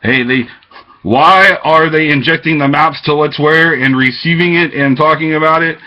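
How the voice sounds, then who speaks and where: A man's voice: a little high, normal speed, sharp tone. A man giving an agitated, rambling monologue to his webcam, jumping from topic to topic. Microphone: webcam microphone. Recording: dull lo-fi webcam audio.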